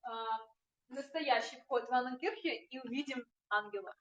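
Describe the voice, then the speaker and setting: A woman guide calmly explaining things to visitors inside a church. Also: a little high, moderate pace.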